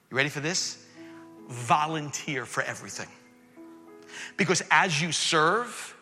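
A man preaching a sermon to students as their pastor, animated and acting out quoted voices, sometimes rising to near shouts. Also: a little high. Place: church auditorium. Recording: echoey hall with faint music behind.

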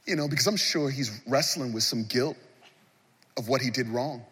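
A man preaching a sermon as pastor of a large church, swinging between loud passionate appeals and hushed moments. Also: mid-range voice, moderate pace, husky, big-room sound.

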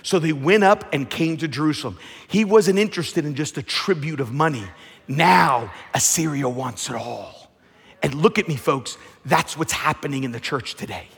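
A man's voice: a little high, creaky, breathy edge. A man preaching a fervent sermon as pastor, often restarting and repeating his words as he builds his point. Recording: long hall reverb.

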